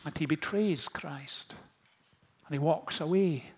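A fairly high-voiced man preaching a storytelling sermon. He drops to near-quiet lines, then rises to stirring, impassioned questions. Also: slow, slightly rough. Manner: storytelling, swings from hushed to impassioned. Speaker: pastor.

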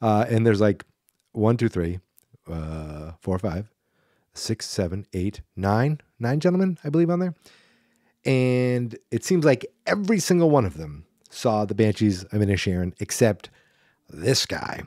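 A man's voice: lowish voice, lively intonation, measured pace, a little mellow, dry recording, studio quality. A man hosting a podcast alone, talking casually in a rambling, self-deprecating way with plenty of ums. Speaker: podcast host.

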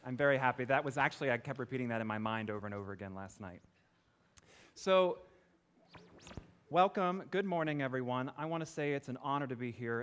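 A man's voice: mid-range voice, clear, resonant tone. A man from Florida giving a conference presentation to an audience, telling personal stories with light jokes. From Florida, USA. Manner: personal, joking storytelling. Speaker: conference speaker. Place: conference stage before an audience.

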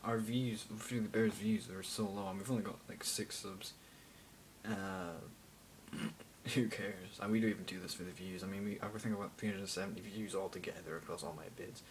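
A man's voice: deep voice, steady tone, a little fast, a little hiss or hum, low-quality recording. A teenage boy rambling jokily into a phone camera, going off on random tangents. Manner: random, jokey, self-mocking, mutters asides. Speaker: vlogger. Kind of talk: rambling casual vlog.

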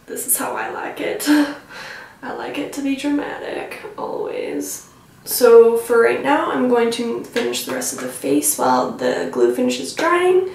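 A woman's voice: sits high, creaky, a little mellow, slight background noise. A young woman giving a chatty makeup tutorial, rambling along and teasing herself. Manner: rambling, self-teasing, filler-heavy. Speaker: beauty vlogger. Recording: echoey room, mic at a distance.

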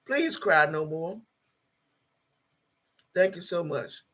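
A woman's voice: lowish voice, expressive, takes it slowly, a bit bright. A woman livestreaming in a casual way, reading viewers' chat comments aloud in a blunt, emphatic manner, swearing freely and switching into prayer. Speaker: YouTube live streamer.

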